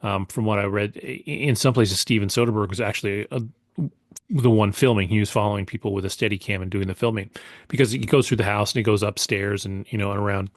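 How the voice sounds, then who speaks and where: Guy on a podcast rambling thru a movie review, lots of ums, kinda low voice, dry close sound. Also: steady tone, fast talker, no echo. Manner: rambling, many fillers and restarts. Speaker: podcast co-host. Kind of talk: casual movie review chat.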